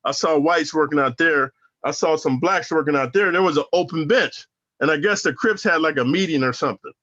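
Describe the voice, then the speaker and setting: A man with a bright, forceful voice, pitched a little high, swears freely and leans hard on his slang as he tells his stories. The sound is dull and lo-fi. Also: fairly quick. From Northern California. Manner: profane, slangy, emphatic storyteller. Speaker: interview guest, former prisoner. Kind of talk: casual storytelling interview.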